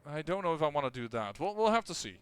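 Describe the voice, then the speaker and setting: A man's voice: a little high, sing-song, fast talker, clean tone, faint music behind. Chatty man narrating a strategy game. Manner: chatty, thinks aloud with frequent fillers and restarts. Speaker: gameplay commentator. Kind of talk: casual strategy game commentary.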